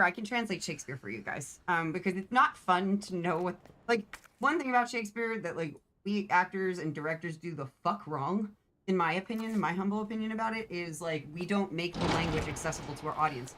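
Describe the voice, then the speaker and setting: A tired young woman, a theater actor appearing as a guest on a game stream, explains Shakespeare in sassy casual chat with some casual swearing. Her lowish, fairly bright voice moves fast with lively intonation.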